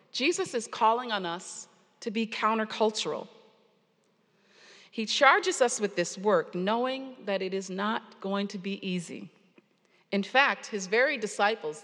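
A woman preacher giving a sermon, earnest and storytelling with pauses, in a church sanctuary. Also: medium pitch, fairly bright tone. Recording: long hall reverb.

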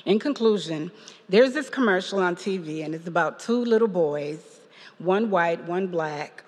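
A woman's voice: lowish voice, expressive, unhurried, in a large hall. A woman giving a personal testimony at a church service, telling a story with quoted voices and laughter. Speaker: parishioner giving a reflection.

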